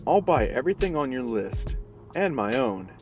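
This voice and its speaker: A man voicing a scheming young male goblin inventor who talks calmly and coldly, with music playing behind. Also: medium pitch, moderate pace, natural voice. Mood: calculating. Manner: calm, calculating, grandly menacing.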